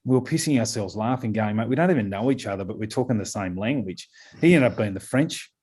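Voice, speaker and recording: A middle-aged man with an Australian accent talks in a casual podcast interview. His voice sits fairly low. He rambles and circles back, with plenty of fillers and repeated words. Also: animated, fast talker, darkish tone, husky. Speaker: guest, scrum coach.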